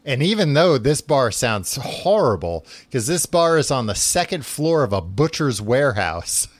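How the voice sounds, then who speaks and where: A man's voice: medium pitch, big pitch swings, normal speed, no room sound. A man hosting a podcast, casually retelling a book with lots of filler words and restarts. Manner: rambling, full of likes and restarts. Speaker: podcast host.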